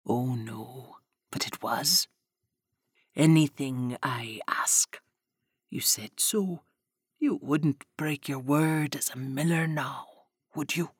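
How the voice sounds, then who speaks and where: A woman voicing a sly, menacing man who has come to collect on a bargain, speaking low and hushed with a drawl. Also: takes it slowly, breathy edge, dry recording, clean studio sound, exaggerated voice.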